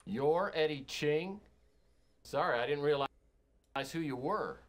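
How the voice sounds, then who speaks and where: A wisecracking broke detective. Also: male voice, a little high, expressive, unhurried. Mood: cowed. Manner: wisecracking, cowardly pleading. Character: down-on-his-luck male private eye. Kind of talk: full-motion video game acting.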